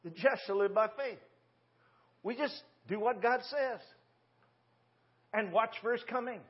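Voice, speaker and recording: A man's voice: high voice, unhurried, long pauses, dull audio. A man in his sixties preaching a sermon in a church, in a folksy, conversational way full of rhetorical questions. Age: 60s. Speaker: pastor. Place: church sanctuary.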